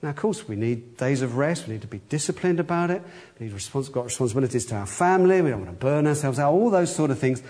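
A man's voice: medium pitch, lively intonation, fast talker, dark tone. A middle-aged man, a church elder, giving a conversational sermon with wry humor and acted-out quotes.

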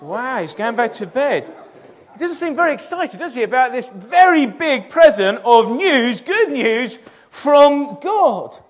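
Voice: sits high, very animated, measured pace. A children's church leader talking playfully and coaxingly with a group of children in a church.

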